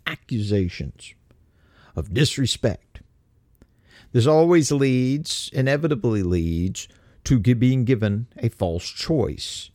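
An older man hosting a talk radio monologue, speaking deliberately and slowing down to stress his points. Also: on the low side, mellow, dry recording, clean studio sound. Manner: deliberate, slows for emphasis. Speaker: radio host.

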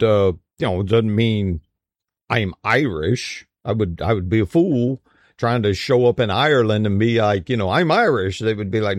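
A man's voice: lowish voice, no room sound, studio quality. An American man giving a casual opinion monologue, emphatic and rambling, with frequent restarts. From United States.

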